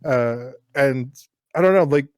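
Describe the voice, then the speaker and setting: A man co-hosting a podcast in casual chat, rambling and animated with lots of fillers. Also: mid-range voice, unhurried, no echo, studio quality. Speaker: podcast co-host.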